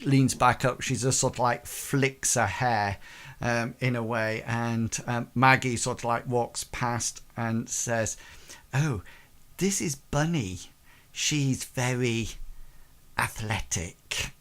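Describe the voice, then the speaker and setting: Acting as game master for a tabletop game, a man narrates in a medium-pitched, fairly bright voice, rambling and leaning on lots of fillers.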